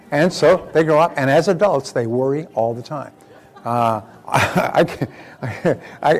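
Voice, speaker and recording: A man's voice: fairly high pitch, a little slow, a little hiss or hum. Man giving an anecdotal seminar talk. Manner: anecdotal, acts out quoted exchanges. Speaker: motivational speaker.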